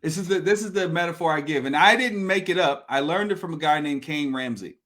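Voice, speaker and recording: A man coach talking as a guest in a live stream, an animated storyteller who swears freely and acts out voices. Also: fairly high pitch, a little fast.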